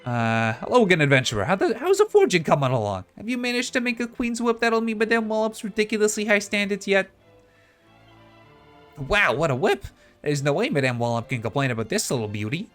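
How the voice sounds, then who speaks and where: A man's voice: high voice, very animated, fairly quick, a bit bright, soft background music, pitched above the performer's own voice. A man voicing an eager, giddy game townsperson relieved to be off the hook. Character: nervous, relieved game townsperson who lost a whip.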